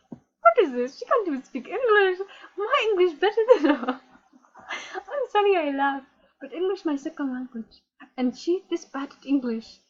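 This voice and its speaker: Woman doing a pious Somali immigrant gamer, Somali accent, broken English, moralizing, high husky voice, muffled recording. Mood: scolding. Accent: put-on Somali accent. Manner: preachy, scandalized, broken English. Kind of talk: in-character troll gameplay commentary. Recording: dull lo-fi recording.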